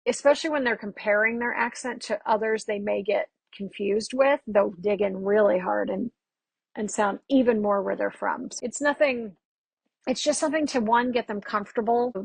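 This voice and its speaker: A woman dialect coach from Texas, chatting as a podcast guest and telling stories with quick, animated asides. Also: medium pitch, gravelly, breathy edge, dry recording. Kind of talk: casual podcast interview.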